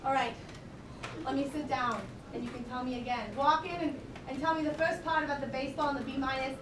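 Brief: woman doing a high-voiced, loud Boston single mom, gushing and swearing, caught from afar in a roomy hall with noise. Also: fairly even intonation, fast talker, close to an everyday voice. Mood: flustered. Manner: gushing, brash, repeats herself. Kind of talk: improv comedy scene. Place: theater stage. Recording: roomy distant live stage recording, noisy.

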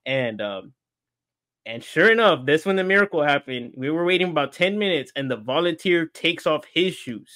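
A man, an interview guest, telling a story in casual chat, animated and laughing often. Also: a little high, moderate pace. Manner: animated, acts out quoted voices, laughs often.

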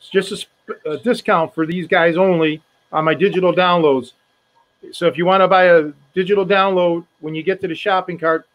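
Guy on a muffled video call, high voice, blunt and easygoing. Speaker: wrestling coach guest. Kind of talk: casual video call chat. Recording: dull lo-fi video call audio.

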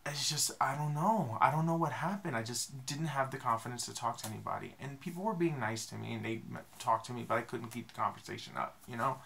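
A young man vlogging, telling a rambling, self-deprecating story in a casual, animated way. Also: mid-range voice.

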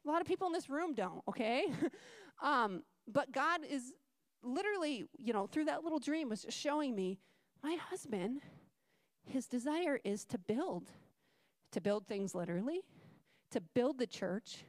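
A middle-aged woman preaching in church, telling a family story with animated acted-out voices. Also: sits high, normal speed, no room sound, clean studio sound. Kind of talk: sermon.

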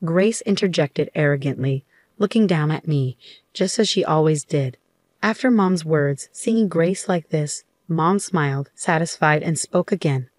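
A woman reading a first-person story aloud as narrator in a steady, even way. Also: sits low, unhurried, no room sound, studio quality.

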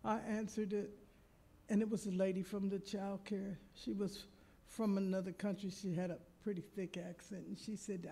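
A woman's voice: medium pitch, normal speed, gravelly, slightly rough. A woman preacher telling a personal story in a sermon, acting out the voices of the people in it. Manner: animated, acts out the people in her story. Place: church.

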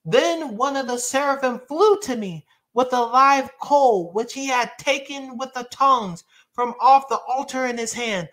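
A man's voice: extremely high pitch, a little slow, sharp tone. A man preaching a sermon, reading scripture aloud emphatically and breaking into casual asides to his congregation.

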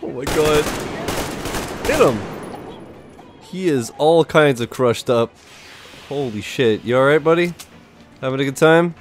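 A man's voice: mid-range voice, moderate pace, music in the background. Male streamer, mid-range voice, sarcastic profane play-by-play. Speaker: gaming streamer. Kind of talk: casual gameplay commentary.

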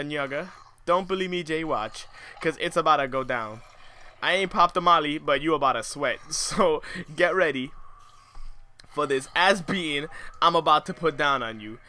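A man's voice: on the high side, bright, forceful tone. A young man commentating his own survival game, swinging between muttered asides and shrieking outbursts full of swearing. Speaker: gamer.

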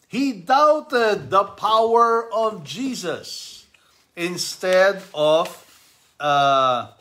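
A middle-aged man, a father, giving a casual commentary on a gospel passage to his family, halting with many fillers and easy chuckles, and asking animated questions. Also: fairly high pitch. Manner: reads scripture aloud, then explains with animated questions.

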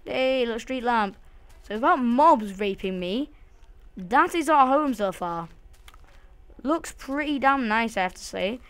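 A woman's voice: a little high, animated, unhurried, a bit bright, smooth. A woman giving casual, jumpy commentary while she plays a game, swearing often and talking to herself and to the game. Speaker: let's play host.

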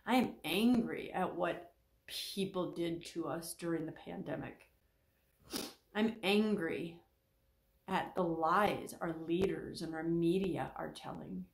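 A woman counselor gives a faith-based teaching talk, voice carrying a gravelly edge. She is animated and slips into little acted-out quotes. The sound rings a bit in a roomy space. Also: slow pace. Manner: animated, acts out quoted speakers with pitch jumps.

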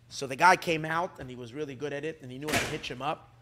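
A rabbi tells an old Hasidic tale to a gathered community. His voice sits a little high for a man, and he keeps stopping, repeating words and restarting his sentences, with Yiddish words mixed in. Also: sharp tone. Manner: halting storyteller, many restarts and fillers, Yiddish words. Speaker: rabbi telling a Hasidic story. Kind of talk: storytelling talk. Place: community gathering, evening meal.

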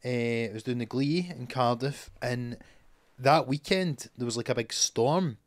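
A man's voice: mid-range voice, unhurried. A man co-hosting a podcast, telling stories animatedly in casual chat and swearing freely. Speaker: podcast co-host.

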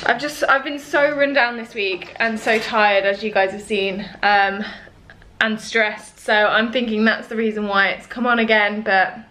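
A young woman talking casually to camera in a vlog, chatty and expressive, often exasperated. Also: medium pitch, unhurried, a little hiss or hum. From United Kingdom. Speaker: lifestyle vlogger.

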